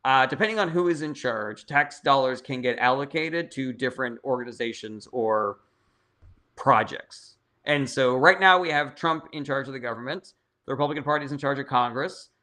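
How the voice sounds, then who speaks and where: Bright-voiced, blunt, profane man. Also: medium pitch, moderate pace. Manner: blunt, profane, reads viewer comments aloud. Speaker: political livestream host. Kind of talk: casual livestream Q&A.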